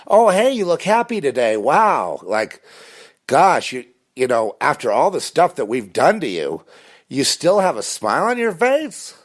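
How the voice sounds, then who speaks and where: Taunting stranger, mock-sweet, sing-song, high voice, as a man puts him on. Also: big pitch swings, measured pace. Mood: mock surprise. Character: sarcastic taunting stranger, mock-friendly adult.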